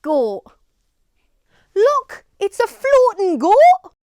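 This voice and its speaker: A streamer putting on a shrill, drawn-out accent mimic. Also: huge pitch swings, darkish tone, dry recording, studio quality, exaggerated voice. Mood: giddy. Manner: drawn-out single words, shrill and slow.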